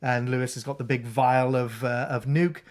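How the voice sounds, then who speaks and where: A man co-hosts a film review podcast and walks through the plot scene by scene. He keeps it casual and laughs easily, in a voice of average pitch. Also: level tone, normal speed, a little hiss or hum.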